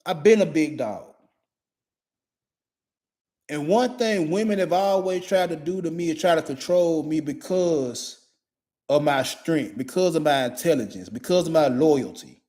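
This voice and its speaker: A man's voice: fairly high pitch, moderate pace, a little mellow. A man in his forties delivering a blunt, profane monologue in a repetitive, emphatic way.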